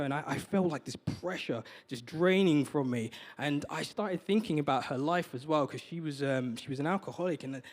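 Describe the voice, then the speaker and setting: A man's voice: fairly high pitch, normal speed, few pauses. A man preaching as a guest speaker, earnest and confessional, often stumbling and repeating words. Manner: heartfelt and confessional. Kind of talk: sermon.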